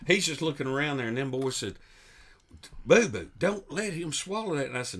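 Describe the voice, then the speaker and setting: A man's voice: a little high, expressive, normal speed, a bit bright. A man telling comic stories to his friends on a podcast, laughing as he goes. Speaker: comedy podcast host. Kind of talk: storytelling among friends.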